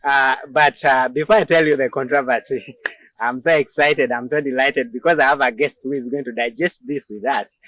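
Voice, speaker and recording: Hosting a casual news commentary show, a man from Uganda talks in a chatty, joking way with lots of laughs and fillers, in a Ugandan English accent. His voice is medium-pitched, steady, and fairly bright, at a moderate pace with no echo.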